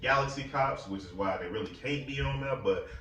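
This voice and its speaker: A man's voice: mid-range voice, brisk, bright, forceful tone. Brief: joking, opinionated co-host man, slangy, distant mic, faint background hiss. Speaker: podcast co-host. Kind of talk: casual chat. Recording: roomy room, distant mic, faint noise.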